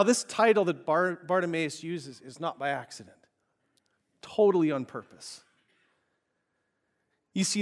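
Man, pastor, sermon, animated storytelling, high voice.

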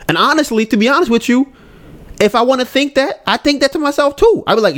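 A man's voice: very high voice, sing-song, brisk, a bit bright. A man hosting a podcast, talking candidly and rambling about handling his anger, acting out his own thoughts. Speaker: podcast host. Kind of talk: casual solo podcast talk.

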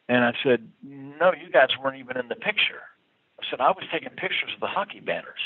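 A man's voice: medium pitch, expressive, quick pace, husky, no echo. A man who toured as a musician, telling a rambling, chuckling road story full of fillers. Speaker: touring musician. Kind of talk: casual anecdote telling. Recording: tinny phone-like line.

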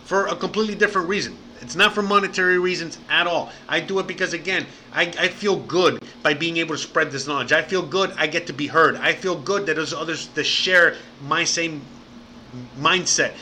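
A man's voice: fairly high pitch, fairly quick, pushed and bright, slight background noise. A man hosting a casual livestream, rambling and profane, saying bro and man a lot. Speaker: livestream host.

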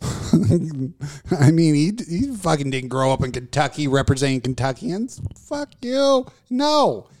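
A middle-aged man co-hosting a loose, comedic radio chat and ranting with lots of swearing. His voice sits on the high side and swings with animated pitch. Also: takes it slowly, no echo, studio quality. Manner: ranting, profane, joking. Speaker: radio show co-host.

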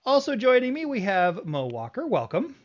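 A man hosting a casual podcast, chatting with his guests in a lively way. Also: very high voice, normal speed. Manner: lively, animated delivery. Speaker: podcast host.

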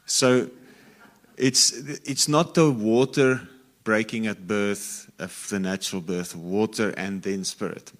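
A man teaching from the Bible, reading verses aloud and then explaining them in a relaxed, conversational way. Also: lowish voice, takes it slowly. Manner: reads scripture aloud, then explains it informally with asides. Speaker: preacher.

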